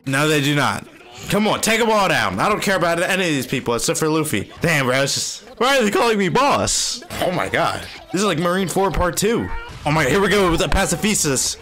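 A man hosting an anime reaction video, talking in excitable, slangy bursts full of exclamations. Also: fairly high pitch, fairly quick. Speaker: anime reaction channel host. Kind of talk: live anime reaction commentary.

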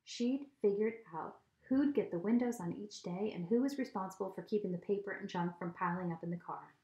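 A woman reads a children's novel aloud in a mid-range voice, telling the story steadily and expressively. She is at home, and the room gives her voice a clear echo. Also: mid-range voice, a little fast, dark tone, dull audio. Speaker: reader. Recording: echoey room.

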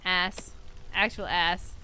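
Bright-voiced excitable woman streamer. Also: on the low side, a little hiss or hum. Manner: excitable, swears freely, yells outbursts at the game. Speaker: live streamer. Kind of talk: casual gaming commentary.

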